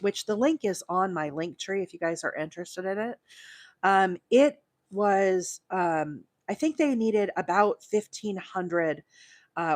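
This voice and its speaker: A woman's voice: fairly low pitch, no echo, studio quality. A woman hosting a live crochet stream, chatting with many fillers and counting stitches aloud as she works. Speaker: crochet host.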